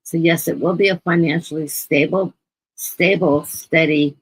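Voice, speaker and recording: A woman's voice: low-pitched, steady tone, a little slow, slightly rough, dry recording, rough recording. A woman giving a chatty live-stream tarot reading, often repeating words for emphasis. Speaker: guest tarot reader. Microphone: computer mic on a live stream.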